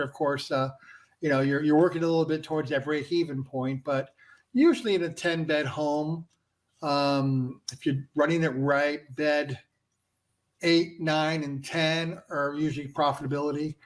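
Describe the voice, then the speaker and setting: A man, a franchise founder and guest, explaining his business in a casual interview and filling pauses with "you know". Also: fairly high pitch, steady tone. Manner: conversational, filler-heavy with frequent "you know".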